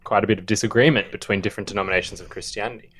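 A man co-hosting a book-discussion podcast, speaking in a measured, thoughtful and halting way. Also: on the low side, fairly even intonation, fairly bright tone, husky. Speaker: podcast co-host.

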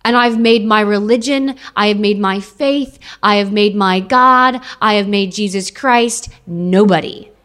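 A woman's voice: mid-range voice, measured pace, few pauses, a bit bright. A young adult woman giving an emotional personal testimony to an audience, repeating phrases for emphasis.

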